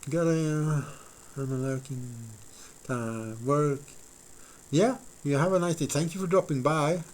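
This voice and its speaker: A man's voice: a little high, unhurried, a little mellow, rough recording. Rambling man chatting on a craft stream. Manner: rambling, filler-heavy, thinks aloud and chats to viewers. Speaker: live-streaming model maker. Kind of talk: casual live-stream chat while crafting.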